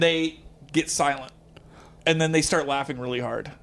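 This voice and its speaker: A man casually telling an animated stand-up story, acting out quotes and using lots of fillers. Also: a little high, normal speed. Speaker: guest comedian.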